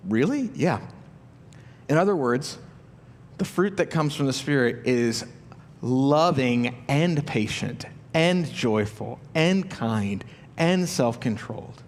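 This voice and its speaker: A man's voice: mid-range voice, expressive, measured pace, in a large hall. A man preaching a sermon as a pastor, talking conversationally with rhetorical questions and acting out the inner voices of his listeners. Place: church auditorium.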